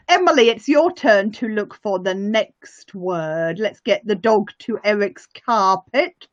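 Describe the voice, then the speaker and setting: A woman's voice: medium pitch, lively intonation. A woman teaching a phonics lesson to young learners, encouraging and praising them often. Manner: encouraging, slow and sing-song, praising often. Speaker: English teacher. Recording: muffled lo-fi audio.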